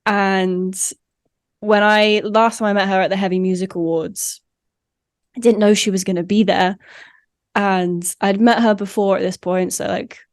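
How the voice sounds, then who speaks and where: A woman's voice: mid-range voice, steady tone, a little slow, dry recording, studio quality. A woman hosting a podcast interview, chatting casually and encouraging her guest. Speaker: podcast host.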